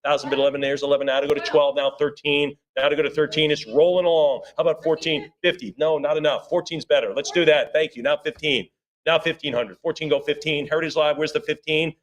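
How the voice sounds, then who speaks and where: A male auctioneer calls a live sale in a quick, rhythmic chant of rising numbers. He breaks off now and then for easygoing, chatty remarks. His voice sits a little on the higher side. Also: fairly even intonation. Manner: rapid rhythmic bid calling with chatty asides.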